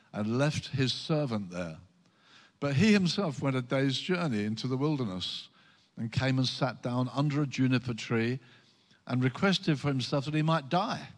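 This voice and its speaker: A male pastor delivers a sermon with earnest, measured scripture reading and emphatic rises. His voice sits at an ordinary middle pitch. It carries a long reverb, as if filling a large hall.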